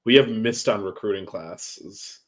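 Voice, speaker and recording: A man's voice: lowish voice, measured pace, fairly bright tone. A man hosting a casual sports chat, rambling with many fillers and restarts. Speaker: sports podcast host.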